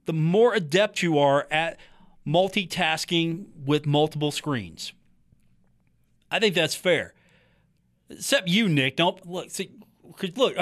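A man hosts a casual sports podcast from a talk booth. His voice sits high and swings widely up and down as he rambles and ribs his co-host. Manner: animated, chatty, teasing his co-host.

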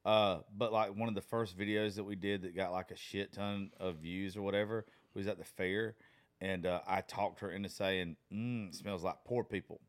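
A man's voice: low-pitched, flat delivery, normal speed. A man in his thirties in a casual chat, rambling with lots of fillers and swearing about his daughter.

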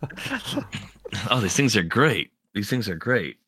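Deep, bright-toned man rambling his story. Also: very animated, takes it slowly, breathy edge, no echo, clean studio sound. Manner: rambling, full of "you know" fillers and restarts. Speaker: player recounting a game run. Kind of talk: casual storytelling chat.

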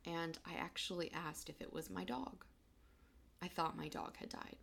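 A young woman in her twenties telling a personal story of loss, halting and fighting back tears. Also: fairly low pitch, gravelly, a bit bright.

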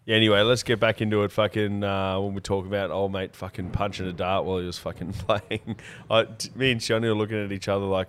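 A man's voice: lowish voice, level tone, fast, few pauses, clear, resonant tone. A man, co-hosting a podcast in casual chat, joking around and swearing constantly. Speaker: podcast co-host.

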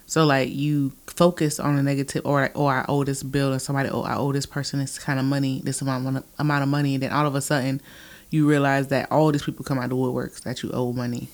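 A woman co-hosting a casual podcast chat, animated and expressive, saying "like" a lot. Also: extremely low pitch, fast. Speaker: podcast co-host.

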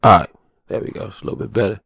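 Talking very fast over a noisy background, a man delivers a casual, heated solo rant into a studio mic with a pop filter. He's profane, rambling, fired up and agitated.

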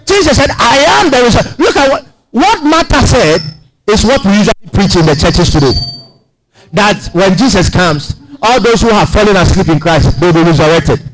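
A man's voice: animated, a little fast, low-quality recording. A man preaching a sermon, emphatic, often asking the congregation questions. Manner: emphatic, asks the congregation questions, big swings in pitch.

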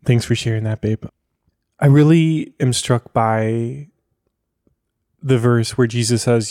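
Earnest man with a gravelly voice. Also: medium pitch, steady tone, mellow, dry recording, studio quality. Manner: earnest, halting, with restarts. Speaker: podcast co-host. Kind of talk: personal faith reflection.

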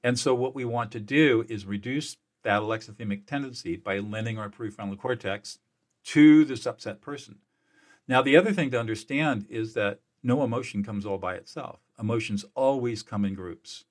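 A man who works as a mediator, explaining in an interview in an energetic, emphatic way, often restarting and repeating words. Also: mid-range voice, normal speed. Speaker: mediator and peacemaker.

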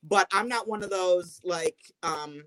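A woman's voice: fairly low pitch, a little slow, a bit bright, poor audio. A woman guest in a casual chat, explaining her habits at length.

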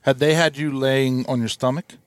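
A man's voice: mid-range voice, steady tone, moderate pace, no room sound. Man asking short questions, dry sound. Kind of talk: casual chat. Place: inside a parked van.

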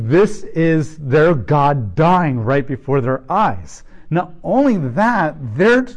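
A man teaching through a Bible passage, animated, with joking asides and rhetorical questions. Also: fairly high pitch. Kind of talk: sermon.

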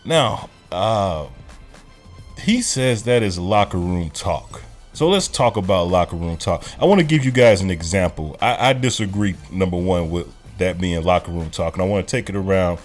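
A man's voice: low-pitched, expressive, moderate pace, soft background music. A man hosting a casual podcast, telling a loose, profane story. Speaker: podcast host.

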